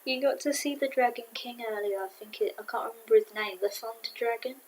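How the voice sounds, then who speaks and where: A woman casually reviewing a cartoon episode to camera, rambling and excitable with many fillers. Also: fairly high pitch, quick pace, a little hiss or hum, rough recording. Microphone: camera mic.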